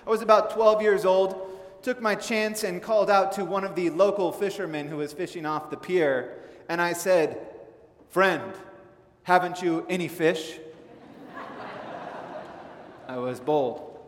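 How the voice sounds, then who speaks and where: Casual, storytelling preacher in an echoey hall. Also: male voice, high voice, unhurried. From Southern California. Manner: conversational storytelling, animated in anecdotes. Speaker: pastor. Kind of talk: sermon. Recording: echoey hall with faint ambience.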